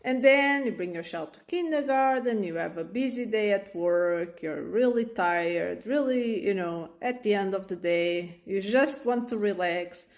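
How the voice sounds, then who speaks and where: A woman vlogging about parenting, telling an everyday story in an animated way and acting out the scenes. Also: medium pitch, a little slow, few pauses. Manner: animated, acts out the scenes in voices. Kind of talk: casual storytelling monologue.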